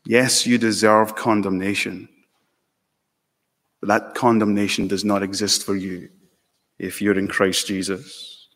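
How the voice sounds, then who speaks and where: A man preaching a sermon as pastor, slow and emphatic, building to fervent peaks. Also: fairly low pitch, flat delivery, fairly bright tone. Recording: long hall reverb.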